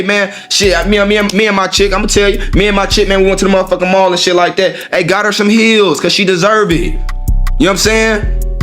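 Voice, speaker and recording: A man with a somewhat high voice talks through a casual motivational monologue, heavy with street slang and profanity. He keeps checking in with the listener as he goes. Faint music plays underneath. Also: fairly bright tone. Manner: profane, street slang, repeats "you know what I'm saying". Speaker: host.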